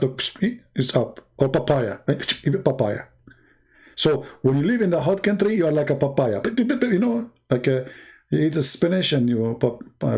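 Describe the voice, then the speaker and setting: Gravelly guy on a live stream, sarcastic rambling, voice going a bit hoarse. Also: medium pitch, a little mellow. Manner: sarcastic, rambling, heavy non-native English. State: losing his voice. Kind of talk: mocking live-stream monologue.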